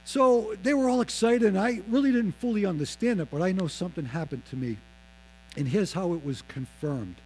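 A man in his fifties telling a personal faith testimony, acting out the voices of others and dropping low and slow on solemn lines. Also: a little mellow, rough recording. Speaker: speaker giving his testimony.

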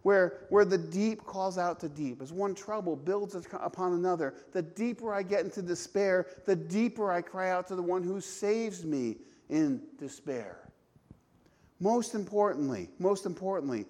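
A man's voice: high-pitched, normal speed, a little mellow. A man preaching a sermon, emphatic, asking rhetorical questions and restarting his phrases often. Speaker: pastor.

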